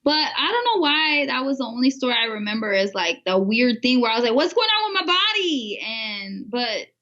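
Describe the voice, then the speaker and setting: A woman's voice: on the high side, lively intonation, brisk, bright, forceful tone, highs cut off. A woman co-hosting a podcast in casual chat, bashful and giggly as she tells a story. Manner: giggly and bashful, laughing while telling a story. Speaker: podcast co-host.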